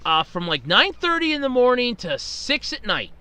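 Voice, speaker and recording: A podcast host tells a long, exasperated story in a rambling way and swears freely. His voice sits high and swings widely in pitch. It sounds bright and dry, close to the mic. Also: huge pitch swings, normal speed, clean tone, dry recording. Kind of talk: casual storytelling monologue.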